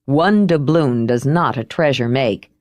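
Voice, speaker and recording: A calm, wry young man teases in a lowered, dry voice, as a woman narrator puts him on. The recording is dry and close. His storybook lines come out unhurried and amused. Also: no echo.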